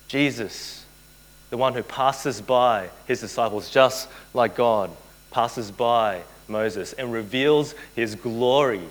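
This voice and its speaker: A man's voice: medium pitch, low-quality recording. A man preaching a sermon to a live audience, earnest, repeating key phrases and putting rhetorical questions to his listeners.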